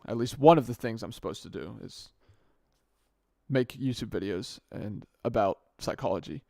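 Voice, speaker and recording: Talking off the cuff on a good microphone, a young man hosts his own casual solo podcast, rambling and often restarting or correcting himself mid-sentence. His voice is lowish, gravelly, and darkish, delivered at normal speed. The sound is studio quality with no echo.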